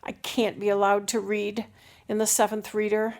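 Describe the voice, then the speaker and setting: Anxious, earnest little storybook schoolgirl, read by a woman, slightly gravelly. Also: medium pitch, monotone, moderate pace, a little mellow, lightly acted. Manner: anxious and confessing.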